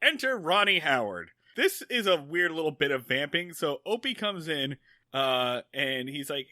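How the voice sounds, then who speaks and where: A wry male podcast co-host recapping an old sitcom with joking asides. His voice is very bright and a bit high, recorded dry and close. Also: big pitch swings, moderate pace, no echo. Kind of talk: casual comedy podcast chat.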